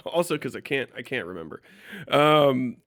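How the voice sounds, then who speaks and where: A man's voice: mid-range voice, measured pace, dry recording, clean studio sound. A man from Kentucky telling a story on his livestream, swearing freely and laughing often. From Kentucky, USA. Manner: profane, animated retelling, frequent laughs. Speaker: live streamer.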